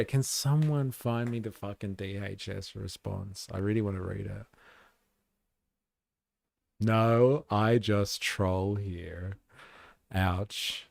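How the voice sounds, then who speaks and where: Sarcastic, swearing stream host. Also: male voice, mid-range voice, creaky, darkish tone, dry recording. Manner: sarcastic, profane, laughs often. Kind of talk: casual live-stream commentary.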